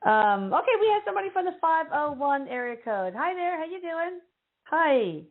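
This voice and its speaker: A woman's voice: high-pitched, sing-song, normal speed. A woman hosting a call-in radio show, greeting callers in an effusive, affectionate way. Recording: phone-line sound.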